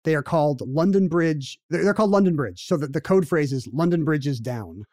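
A man trades wry, joking asides in an easygoing podcast conversation. His voice sits a little high for a man. It comes across close and dry, with no room sound. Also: expressive, fairly quick, a little mellow, no echo. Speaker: podcast co-host. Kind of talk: casual chat.

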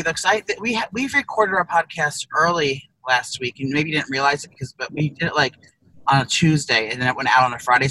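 Rambling, profane man telling stories fast. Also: mid-range voice. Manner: rambling, profane, loud rants. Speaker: podcast co-host. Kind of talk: crude comedic storytelling. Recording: distant from the mic.

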